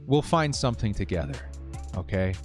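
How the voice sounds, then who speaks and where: A man hosting a live sports watch-party stream, cheering loudly one moment and muttering nervously the next. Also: fairly low pitch, normal speed, faint music behind. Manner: excitable, swings from loud cheering to quiet nervous muttering.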